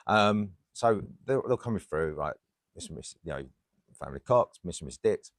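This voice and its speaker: A man's voice: deep voice, expressive, brisk. A man co-hosting a casual chat, telling funny stories from his time as a holiday rep with plenty of laughter. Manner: laughing anecdotal storyteller. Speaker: podcast co-host, former holiday rep.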